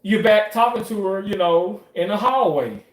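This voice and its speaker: A man talking in a casual monologue about his work in surgery, animated, profane and emotional as he tells stories. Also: sits high, moderate pace. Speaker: surgical staff commentator. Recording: roomy echo.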